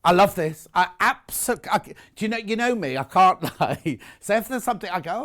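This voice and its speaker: A British man hosting a live shopping channel segment, gushing over each item in a chatty stream. His voice sits fairly high and swings up and down a lot as he exclaims. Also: lively intonation, moderate pace, hardly any pauses, a bit bright. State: out of breath. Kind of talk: live sales presentation. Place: TV studio.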